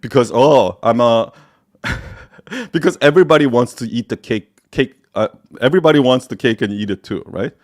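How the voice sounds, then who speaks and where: A man hosts a live question-and-answer stream and talks in a blunt, profane way. He laughs often between points. His voice sits at an ordinary middle pitch. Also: lively intonation, moderate pace. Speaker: host answering viewer questions.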